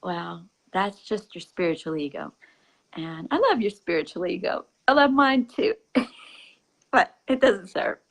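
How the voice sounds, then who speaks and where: Soft-spoken woman sharing spiritual reflections. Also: mid-range voice, big pitch swings, measured pace, vocal fry, poor audio. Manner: soft and intimate, often dropping to a whisper; laughs easily. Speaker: spiritual teacher.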